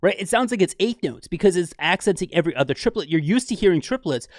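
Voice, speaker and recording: A man hosting a casual music breakdown, excitably scatting rhythms aloud as he explains them. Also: high-pitched, fast, few pauses, no echo, clean studio sound. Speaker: music reaction host.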